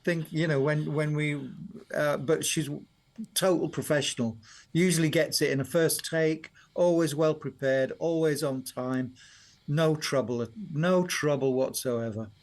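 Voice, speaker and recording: A man's voice: on the high side, steady tone, a little slow. A man, a songwriter chatting in a radio interview and telling rambling stories with frequent laughs. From Sheffield, Yorkshire, England. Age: 70s. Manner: chatty, rambling storyteller who laughs often. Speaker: songwriter guest.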